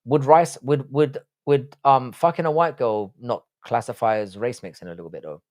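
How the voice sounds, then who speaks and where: A man's voice: mid-range voice, moderate pace, darkish tone. Blunt, profane man on a live stream. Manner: blunt and profane, musing aloud. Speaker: live-stream host reading chat. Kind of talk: casual live-stream chat.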